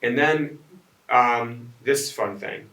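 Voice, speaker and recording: A man's voice: mid-range voice, slow pace, bright, forceful tone. A man who owns restaurants, giving a conversational design talk to a live audience. He rambles, restarts his sentences and turns to the crowd with asides. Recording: echoey room, voice picked up from a distance.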